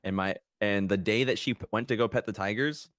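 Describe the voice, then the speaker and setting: Joking man, fast and lively, low voice, dry close sound. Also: dry recording. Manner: joking, quick, playful. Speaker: streamer co-host. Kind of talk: casual stream chat.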